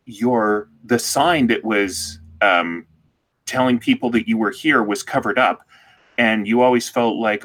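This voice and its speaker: A man's voice: lowish voice, unhurried. Easygoing male game master. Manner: relaxed, hesitant, amused. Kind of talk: running a tabletop game.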